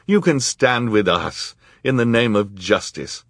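A man's voice: mid-range voice, lively intonation, measured pace, dry recording, studio quality, voice pushed up. A man voicing a naive, noble-minded man who pleads eagerly in a storybook reading. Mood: pleading.

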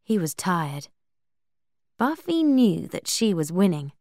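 Female storybook reader, slow and animated, dry close sound. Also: no room sound. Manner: slow, lively reading; higher pitch for quoted speech. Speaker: narrator. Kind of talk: storybook reading with character voices.

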